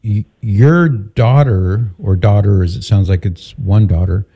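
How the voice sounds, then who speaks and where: A man hosting a call-in radio show, calmly steering the caller with summarizing questions. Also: on the low side, takes it slowly, husky. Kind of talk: advice call-in radio talk.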